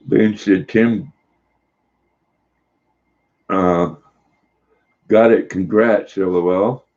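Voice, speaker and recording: Slow folksy older man, dull lo-fi sound. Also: low voice, steady tone, a little mellow. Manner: slow, folksy, reads comments aloud and coos at his dog. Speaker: livestream host. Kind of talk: casual chat reading viewer comments.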